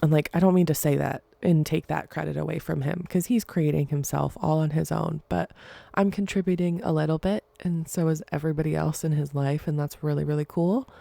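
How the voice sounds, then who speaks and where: Woman podcast host, young adult, rambling casual chat, gravelly low voice, dry close sound. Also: steady tone, fairly quick, dark tone, no room sound. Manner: rambling, chatty, giggly.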